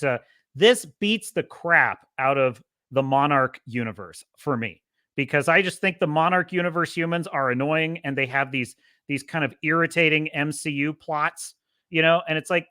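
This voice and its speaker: A man's voice: fairly high pitch, pushed and bright, dry recording, clean studio sound. A man hosting a podcast with casual movie commentary, ranting passionately and swearing freely. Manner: impassioned, profane ranting. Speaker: podcast host.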